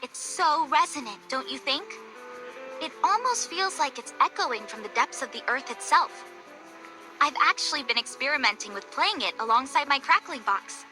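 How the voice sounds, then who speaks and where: A woman's voice: sits high, animated, normal speed, pushed and bright, soft background music, low-quality recording. A woman voicing a gracious young female star musician who is courteous and gushes over instruments in a game. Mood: enthusiastic.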